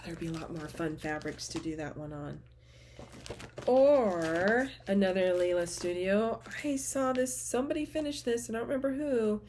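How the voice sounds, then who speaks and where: A woman chatting casually to the camera at home as a vlogger, gushing and often trailing off into soft murmurs. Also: mid-range voice, slight background noise. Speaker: teacher and cross-stitch vlogger.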